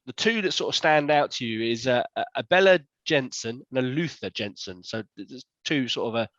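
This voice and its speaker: A man's voice: mid-range voice, lively intonation, a little fast, fairly bright tone, dry recording. Man, game master, tabletop game narration, rambling, self-correcting, muffled, dry.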